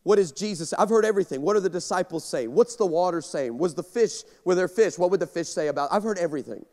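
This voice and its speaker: A man preaching from the pulpit in a big church, his raised, bright voice carrying through a long, ringing reverb. He tells stories with energy and repeats himself as he presses his points. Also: sits high, fast talker. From Texas. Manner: energetic, storytelling, repeats words when excited. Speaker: guest pastor. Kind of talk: sermon. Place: large church sanctuary.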